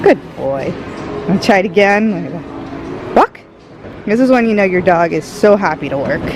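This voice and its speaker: In a low-quality recording, a woman whose voice sits on the low side chats to the camera in a casual vlog. She starts in a store and ends up at home in bed, giving her dog brief commands and upbeat praise.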